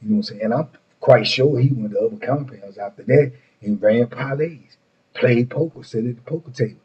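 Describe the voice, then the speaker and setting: Husky middle-aged man, street slang storytelling, muffled lo-fi recording. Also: medium pitch, brisk, dark tone. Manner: laid-back street slang, rambling asides. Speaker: storyteller host. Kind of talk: casual prison storytelling.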